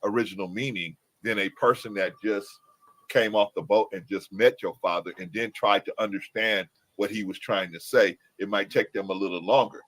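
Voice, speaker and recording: A man speaking as a panelist in a casual debate, halting and searching for his words. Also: fairly low pitch, steady tone, fairly bright tone.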